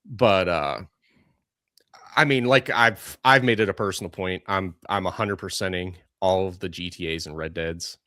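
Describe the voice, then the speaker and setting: A man's voice: low voice, normal speed, sharp tone, no echo, clean studio sound. A young man co-hosting a podcast, chatting casually, ranting and going off on tangents. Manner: rambling, ranting, goes off on tangents. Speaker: podcast co-host. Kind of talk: casual chat.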